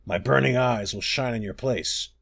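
A man's voice: mid-range voice, normal speed, creaky, a bit bright, no echo, clean studio sound. A man voicing a huge, ravenous male wolf who snarls his threats, in a storybook reading. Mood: snarling menace.

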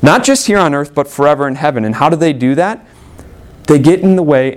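Earnest preaching man, slightly high voice. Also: a little mellow. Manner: earnest, emphatic preaching with rhetorical questions. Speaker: pastor. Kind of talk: sermon.

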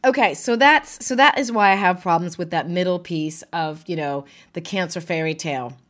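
A woman's voice: lowish voice, normal speed. A widow speaking candidly and emotionally about her life, laughing often and swearing now and then. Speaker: widow sharing her story. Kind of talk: candid personal talk.

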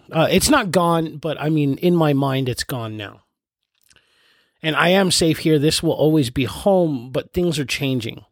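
Young man, solo reflective talk, slow and hesitant, dry close sound. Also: medium pitch, no echo. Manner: halting, thoughtful, many pauses and fillers. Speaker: podcast host.

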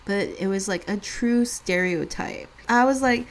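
A woman in her thirties co-hosting a podcast, telling a personal story casually, often laughing and getting animated when she quotes others. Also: medium pitch, measured pace. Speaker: podcast co-host.

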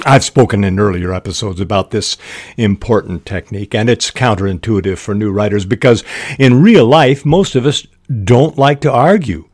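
A middle-aged man talks through fiction-writing advice in a measured, unhurried way, reading short examples aloud. His voice sits on the low side. The recording is dry and close, with no room sound. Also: darkish tone, dry recording. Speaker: writing podcast host. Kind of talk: instructional talk on fiction writing.

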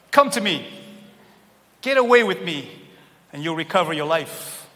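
A man preaching a sermon in a church, animated and joking, pulling the crowd in with questions. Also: a little high, very slow, long pauses. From Cape Verdean heritage. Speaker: pastor. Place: large church hall. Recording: long church hall reverb, faint room noise.

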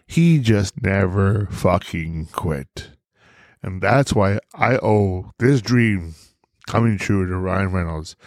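Male podcast host, low voice, theatrical and profane, dry close recording. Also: no room sound. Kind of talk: casual movie talk.

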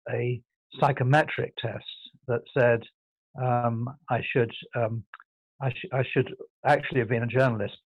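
An older Englishman with a posh southern accent speaks as an interview guest, reflecting thoughtfully and often stopping to restart his sentences. He sounds halting and self-correcting. His mid-range voice is captured in a muffled recording with no room sound.

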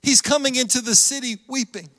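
A man's voice: extremely high pitch, a little fast, sharp tone, in a large hall. A man preaching a sermon as pastor, with an earnest, repetitive cadence.

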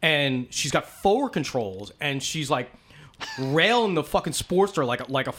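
A man's voice: fairly high pitch, sing-song, moderate pace, fairly bright tone, a little hiss or hum. A man in casual chat, telling rambling stories full of swearing. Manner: profane, rambling storyteller.

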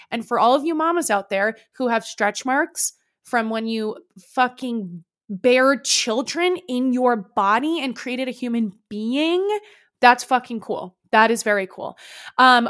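A young woman hosts a casual podcast, reading listener stories in a slightly high voice. She breaks off often to react, swearing freely and getting loud and animated before settling back into the reading. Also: a little slow. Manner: animated, swears freely, laughs and reacts loudly between read passages. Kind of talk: casual storytelling chat.

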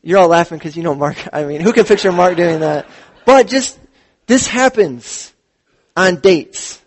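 Male pastor, high-pitched, lively sermon storyteller acting out quotes. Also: unhurried. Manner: animated storytelling with acted quotes. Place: church.

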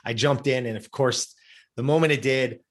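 A man's voice: mid-range voice, fairly even intonation, moderate pace. A middle-aged man, a guest in an interview, telling a personal story in an earnest, conversational way with many asides. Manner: earnest, conversational, frequent "you know" and "right?" asides.

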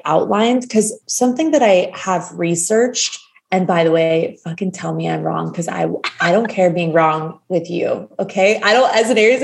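A woman's voice: medium pitch, darkish tone. A woman in her thirties hosting a casual podcast chat, gushing and chatty, with casual swearing. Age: 30s. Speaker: podcast host.

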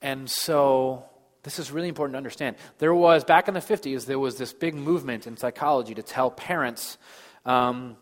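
A man in his thirties preaching a sermon as pastor, moving between loud emphasis and soft, hushed lines. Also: mid-range voice, moderate pace. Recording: long hall reverb.

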